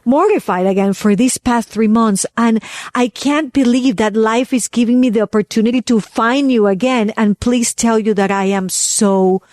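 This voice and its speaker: Recorded in clean, dry studio sound, a female wellness podcast co-host chats casually at normal speed while telling a story. When she quotes others, she acts them out with dramatic pitch jumps, keeping things animated.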